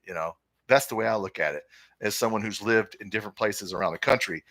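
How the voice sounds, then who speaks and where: Opinionated live-stream sports host, male, low forceful voice, dry close sound. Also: quick pace, no room sound. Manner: opinionated, rambling, reads chat comments aloud. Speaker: podcast host.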